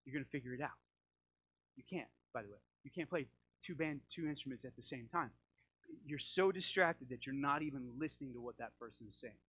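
A middle-aged man preaching a sermon as pastor, animated and joking, acting out little voices in his asides. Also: medium pitch, brisk, husky, no echo. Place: church sanctuary.

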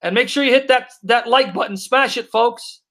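An extremely high, fairly bright voice belongs to a man teaching the Bible live, fielding viewer comments as questions come in. Passages are read slowly and deliberately, and he repeats his own questions emphatically so each point sticks.

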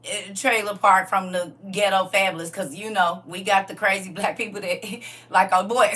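A woman's voice: mid-range voice, fairly even intonation, moderate pace, bright, forceful tone. A woman chatting casually on a live stream, laughing often and talking straight to her viewers.

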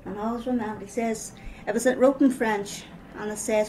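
A woman's voice: on the high side, fairly even intonation, fairly quick, dark tone, slight background noise, rough recording. A middle-aged woman with a Northern Irish accent giving a personal testimony, telling her story with many repeated "I says".

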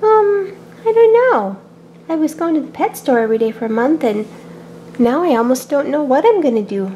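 A woman voicing a cheerful little girl bunny in a toy play-acting video, bubbly and squealing with excitement. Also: high voice, normal speed, dull audio, a little hiss or hum.

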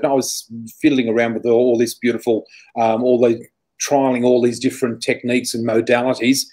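A man's voice: mid-range voice, poor audio. Australian man telling a rambling story. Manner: animated, rambling storyteller with frequent restarts. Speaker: guest psychic. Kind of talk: storytelling in an interview.

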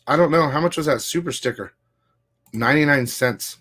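A man hosting a casual comic book livestream, talking fast and loose, swearing freely and reading viewer comments aloud. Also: a little high. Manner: profane, excitable, reads chat aloud. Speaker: comic shop livestream host. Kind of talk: casual live-stream chat.

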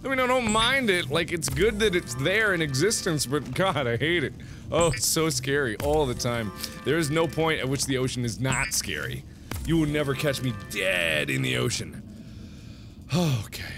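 A man's voice: a little high, expressive, moderate pace, gravelly. A man commentating his own gameplay, nervous and easily startled, with panicky exclamations and nervous laughs. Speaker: let's play host. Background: game music.

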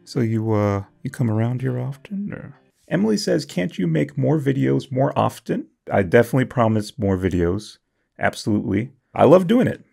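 A young man with a heavily gravelly, husky voice reads out viewer comments and jokes about them. His pitch leaps around in a lively, playful way, from squeaky highs to low grumbles. He sounds self-mocking and casual throughout. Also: moderate pace, soft background music. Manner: jokey and self-mocking, swings from high squeals to low mutters. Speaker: YouTuber reading comments. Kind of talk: comedic comment-reading vlog.

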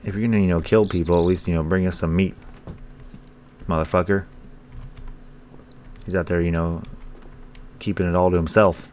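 A deep-voiced man gives casual let's-play commentary over a horror game, swearing freely and cracking jokes at the characters. His voice sits low, and a faint hiss is heard behind it. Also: fairly even intonation, moderate pace, pauses often, a little mellow. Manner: profane, joking, talks to game characters. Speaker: gaming channel host.

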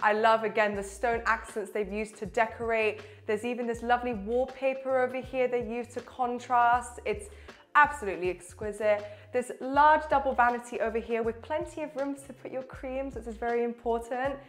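A woman's voice: a little high, fairly even intonation, normal speed. A young woman presenting a walkthrough tour of a townhouse, chatty and enthusiastic, speaking straight to the viewer as she walks through the rooms. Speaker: real estate presenter. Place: inside a townhouse and on its rooftop terrace.

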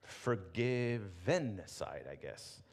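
A male pastor preaching a sermon, telling a story with animated retelling and frequent restarts. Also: lowish voice, drawn-out words, gravelly. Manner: animated storytelling, rephrasing as he goes. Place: church sanctuary. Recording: reverberant church hall.

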